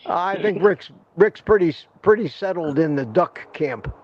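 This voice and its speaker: A man's voice: sits high, expressive, a little slow, lo-fi sound. A man hosting a casual livestream chat, upbeat, laughing often and repeating himself. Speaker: livestream host.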